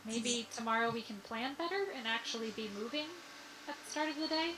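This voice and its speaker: A woman speaking casually as a player in a tabletop game, soft-spoken and easygoing. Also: fairly high pitch, fairly quick, noisy background.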